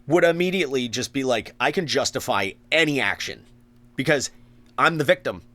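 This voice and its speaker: A man's voice: medium pitch, expressive, normal speed, bright, forceful tone, no echo. Male podcast co-host, mid-range voice, earnest and candid, drops into self-quotes. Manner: earnest, swears, acts out his own thoughts. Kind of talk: casual recovery talk.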